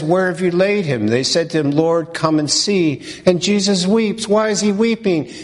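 A man preaching from the pulpit in a measured, deliberate rhythm, repeating his questions for emphasis. His voice sits a little high for a man. The sound carries a long reverb, as if in a large church. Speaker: pastor. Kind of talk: sermon.

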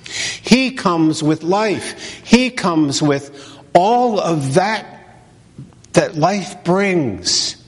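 A man preaching a sermon as pastor, slow and emphatic, asking and answering his own questions. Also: high voice, lively intonation, slightly rough. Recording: long reverb of a large hall.

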